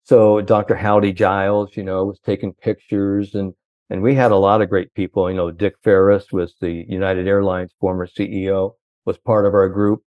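A man's voice: low voice, flat delivery, moderate pace, no room sound, phone-quality sound. An older man, a sports psychologist, telling long rambling anecdotes full of "you know".

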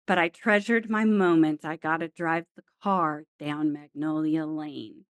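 A woman with a fairly low-pitched voice tells an anecdote on a podcast. She throws herself into it and acts out the lines of everyone in the story. The sound is close and dry, with no room around it. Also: a little slow, no echo. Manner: animated storyteller acting out dialogue. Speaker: guest, former TV crew member.

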